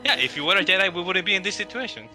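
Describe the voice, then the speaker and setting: A man's voice: high voice, lively intonation, rapid-fire, bright, forceful tone, faint music behind. A man playing in a tabletop game, teasing another player in casual banter. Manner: teasing, in-character ribbing.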